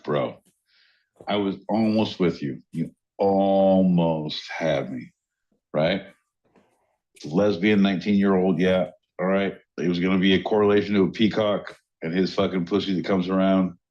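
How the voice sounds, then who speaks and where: A man hosting a podcast, teasing his co-hosts in loose comedic banter full of swearing. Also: measured pace. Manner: swearing, teasing, lively swings in pitch. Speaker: podcast host. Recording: dull lo-fi podcast audio.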